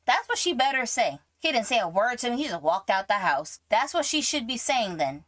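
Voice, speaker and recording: A woman with a fairly high voice delivers blunt commentary, swearing freely and lecturing with total certainty. The sound is close and dry, with no room around it. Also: sing-song, brisk, hardly any pauses, fairly bright tone, no room sound. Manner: profane, emphatic, preachy. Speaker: guest commentator and author.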